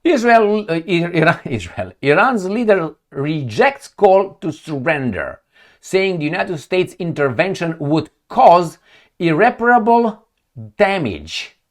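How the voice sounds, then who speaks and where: Speaking slowly in a slightly high, sing-song voice, this man reads news lines out loud and ridicules them in mocking quotes. The video is a ranting piece of political commentary, heated, sarcastic, and full of profanity.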